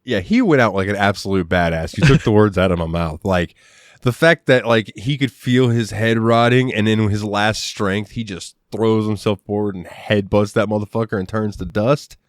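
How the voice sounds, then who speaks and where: A man co-hosting a podcast, chatting about a film in an animated way, laughing often and swearing freely. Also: lowish voice, normal speed, dry recording, clean studio sound. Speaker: podcast co-host. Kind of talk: casual chat about a film.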